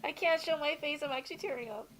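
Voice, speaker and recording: A woman co-hosting a live art stream, chatting casually in a bubbly, emotionally expressive way. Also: high-pitched, fast talker. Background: faint Christmas music.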